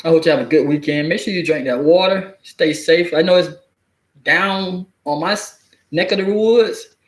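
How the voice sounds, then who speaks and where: Man vlogger with a high voice, slangy and rambling, laughs between phrases. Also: normal speed. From southeastern US. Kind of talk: casual commentary to camera. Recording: echoey room.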